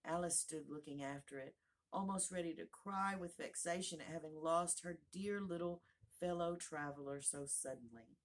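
Low, husky woman reading a storybook. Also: moderate pace. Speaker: audiobook reader. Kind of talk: storybook read-aloud.

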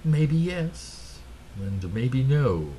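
A man voicing a patient, cheerful grown-up frog in a slow storybook read-aloud, speaking in a calm, encouraging way. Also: mid-range voice, slight background noise, pitched above the performer's own voice. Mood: storytelling. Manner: encouraging, calmly persuasive.

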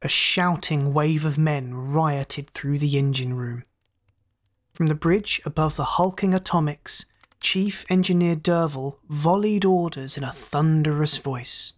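A storyteller host giving calm, scripted narration of a science fiction tale. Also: mid-range voice, measured pace.

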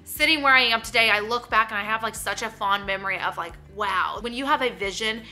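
Bright-voiced emotional young woman. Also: on the high side, fairly quick, faint music behind. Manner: emotional, choking up and laughing; filler-heavy, repeats "like". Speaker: vlogger. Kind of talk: casual vlog to camera.

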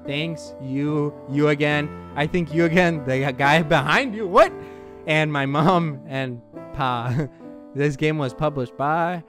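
A man giving let's play commentary, excitable and thinking aloud as he plays, laughing often. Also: on the high side. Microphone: headset.

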